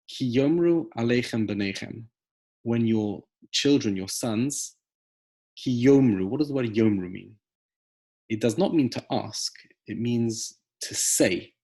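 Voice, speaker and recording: A man's voice: lowish voice, a little mellow, breathy edge. A man teaching a close reading of a scriptural text, emphatic and explaining step by step with rhetorical questions. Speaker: Torah teacher. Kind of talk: text study lesson.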